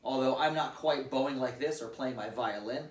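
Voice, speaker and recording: A man's voice: mid-range voice, moderate pace, heavy background noise. A man teaching drum grooves in a casual demo, counting beats aloud and explaining plainly at his kit. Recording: roomy and distant, loud drums behind. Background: loud drum playing.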